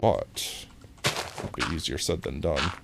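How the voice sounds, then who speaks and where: Streamer guy: low, gravelly, lively, jokey and self-mocking, some hiss on the mic. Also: slow pace. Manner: playful, self-mocking, rambling. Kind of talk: casual gameplay commentary. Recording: noisy stream recording.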